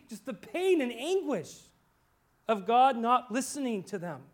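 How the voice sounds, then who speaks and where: A male pastor delivers a sermon in a fairly high voice. He swings between soft, hushed moments and loud, impassioned pleas. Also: sing-song, unhurried.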